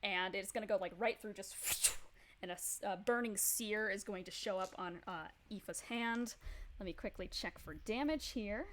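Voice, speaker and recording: A woman narrating a tabletop role-playing session as game master, casual and quick to laugh. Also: mid-range voice, a bit bright, slight background noise. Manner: casual, laughs often, lots of fillers.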